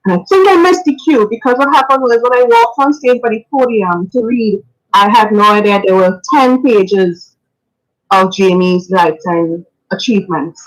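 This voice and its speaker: A woman's voice: medium pitch, normal speed, soft background music, low-quality recording. Earnest woman giving a radio tribute. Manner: earnest, reflective, sometimes laughing; faith-filled, preacher-like phrasing. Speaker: radio guest.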